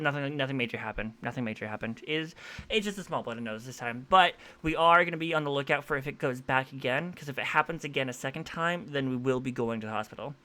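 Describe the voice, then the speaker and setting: Bright-voiced chatty game streamer. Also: mid-range voice, clear, resonant tone. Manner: rambling, chatty, laughs often, swears casually. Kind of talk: casual gameplay commentary. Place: home room.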